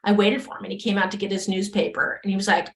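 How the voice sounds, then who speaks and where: Female podcast guest, lively storyteller, mid-pitched, echoey room. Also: fast talker. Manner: lively storyteller acting out dialogue. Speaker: guest speaker.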